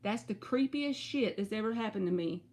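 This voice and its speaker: A woman, giving tarot readings on a live stream and chatting to her viewers in an animated, storytelling way. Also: mid-range voice, normal speed. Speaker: tarot reader.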